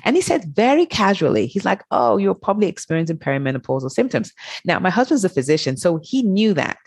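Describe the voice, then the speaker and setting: A woman's voice: fairly low pitch, fast, breathy edge, no echo, clean studio sound. A middle-aged woman talking as an interview guest, telling personal stories candidly and acting out the dialogue in them. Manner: animated, acts out dialogue in her stories. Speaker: guest, author. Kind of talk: candid conversational storytelling.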